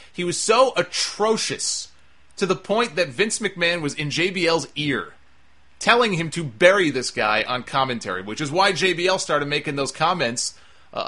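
Sarcastic man ranting with a bright voice. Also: fairly high pitch. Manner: sarcastic and exasperated, swears freely. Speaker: wrestling show reviewer. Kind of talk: casual ranting review.

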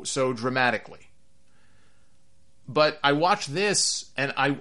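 In this solo wrestling commentary, an animated man voices strong opinions with plenty of sarcasm and repetition for effect. When he gets fired up, his voice goes higher.

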